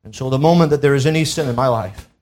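A man's voice: mid-range voice, fast talker, a little mellow. A man preaching a sermon to a church congregation, emphatic, pressing his listeners with rhetorical questions. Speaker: pastor. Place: church service.

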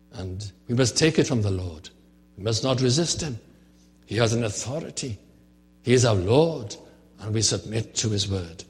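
A man preaching a sermon, his voice sitting fairly low. He speaks earnestly, turning often to rhetorical questions for his listeners. His words ring out with a long reverb. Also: a little mellow.

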